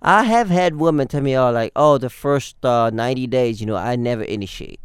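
A man's voice: medium pitch, a little fast, clean tone, dry recording, clean studio sound. A young man, a dating coach, giving casual advice on a podcast and acting out phone calls in playful voices.

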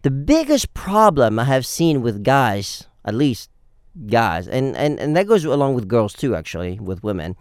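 Young male dating coach, playful and animated, clean dry close sound. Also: medium pitch, normal speed, clean tone, dry recording. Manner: animated, acts out phone calls with playful voices. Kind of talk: casual podcast advice.

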